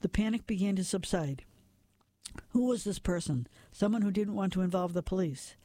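A man reading a dark crime story as a measured narrator, sometimes dropping to a whisper at tense moments. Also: sits high, dry recording. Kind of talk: scripted noir narration.

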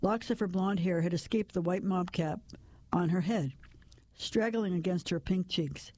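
A woman narrating a first-person story, reading it in a measured, steady way. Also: lowish voice, no room sound.

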